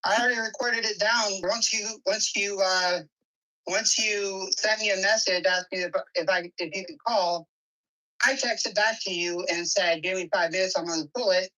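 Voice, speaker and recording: A woman's voice: mid-range voice, steady tone, normal speed, bright, forceful tone, distant mic, low-quality recording. A woman appearing as a guest on a casual call-in chat, answering in a defensive, matter-of-fact way.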